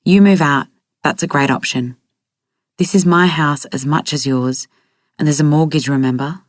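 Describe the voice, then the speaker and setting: A woman's voice: sits low, moderate pace, no echo, clean studio sound, natural voice. A woman voicing a defensive, grieving young woman who snaps out clipped retorts. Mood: hostile.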